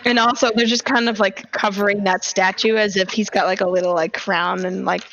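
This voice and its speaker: A woman's voice: mid-range voice, fairly even intonation, fairly quick, background noise. A woman playing a tabletop role-playing game, chatty and giggly as she describes her character's actions. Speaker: player. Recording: slightly dull lo-fi audio with faint music.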